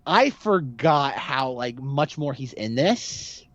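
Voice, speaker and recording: A man co-hosting a podcast about movies, rambling casually with lots of "like" and lively quoted impressions. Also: medium pitch, slow pace, dry recording, highs cut off. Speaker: podcast co-host. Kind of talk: casual film discussion.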